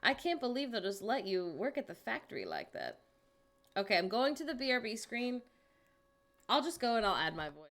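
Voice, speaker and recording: Lively chatty woman streamer. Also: a little high, normal speed. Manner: chatty, talks to herself while working on screen; greets and answers chat viewers. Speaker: livestream host. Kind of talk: casual livestream chat.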